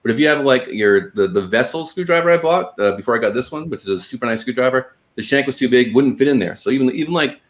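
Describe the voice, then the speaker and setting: A man in casual podcast chat who talks quickly and keeps circling back to rephrase. He speaks at an ordinary middle pitch for a man, restarting phrases and piling on asides as he explains. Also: expressive. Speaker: podcast co-host.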